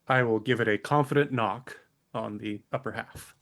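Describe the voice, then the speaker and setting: A man's voice: mid-range voice, moderate pace, vocal fry, a bit bright. A man playing a tabletop game, talking casually with dry humor. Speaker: player.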